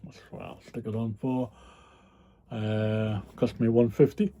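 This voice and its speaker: A man's voice: lowish voice, level tone, measured pace, warm tone, dull audio. A man talking casually to his viewers about items he resells, rambling with frequent ums and the odd yawn. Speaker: reseller vlogger. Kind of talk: casual chat.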